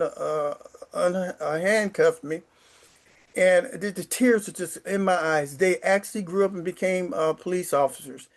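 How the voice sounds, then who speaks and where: A man in his sixties, a retired sixth grade teacher, telling stories from home in a rambling, emotional way with stammers and restarts. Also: sits high. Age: 60s. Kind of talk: casual storytelling to camera. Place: his apartment.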